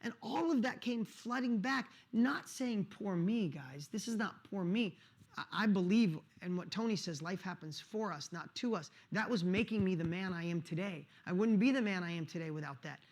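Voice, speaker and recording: Middle-aged guy, motivational speaker, earnest heartfelt storytelling, kinda high voice, lots of stumbles and repeats. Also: expressive, normal speed. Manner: earnest, repeats words, emphatic. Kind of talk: emotional personal storytelling.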